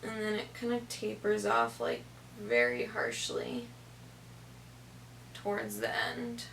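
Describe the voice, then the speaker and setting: A woman's voice: medium pitch, very animated, slow, gravelly, fairly bright tone, a little hiss or hum. A young woman casually narrating a makeup tutorial step by step, chatty with lots of "kinda, like".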